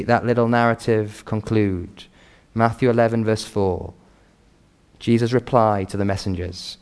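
A man preaching a sermon in a fairly low voice. He is earnest and measured, and leans into his emphatic points with a pastoral steadiness. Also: darkish tone, clear, resonant tone.

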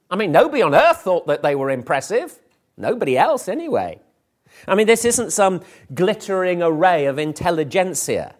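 A man preaching with an emphatic, searching delivery. His voice sits a little high and swings widely in pitch as he leans on key words and asks rhetorical questions. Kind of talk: sermon.

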